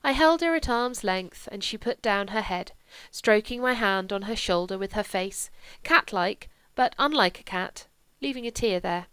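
Brief: calm female audiobook narrator, measured literary reading, smooth tone, dry booth sound. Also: medium pitch, no room sound.

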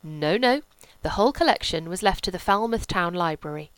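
A woman reading the part of a solemn, placid, pompous gentleman with a grave, measured delivery. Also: fairly low pitch, animated, no echo, close to an everyday voice, rough recording.

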